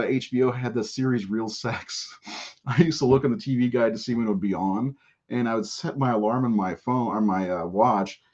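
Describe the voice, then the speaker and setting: Man, podcast host, casual stream chat, rambling, profane, laughs often, lowish voice, muffled lo-fi audio. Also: a little mellow. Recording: dull lo-fi audio.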